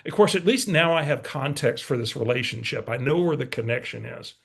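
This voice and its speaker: A man's voice: mid-range voice, a little fast, vocal fry, husky. A man, coaching real estate agents through a folksy, story-driven motivational talk. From San Antonio, Texas. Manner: storytelling, folksy, direct to audience.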